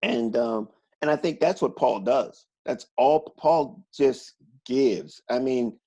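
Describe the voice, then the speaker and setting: Calm, earnest male guest. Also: medium pitch, takes it slowly, slightly rough, muffled recording. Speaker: guest, motivational teacher. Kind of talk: casual video-call conversation.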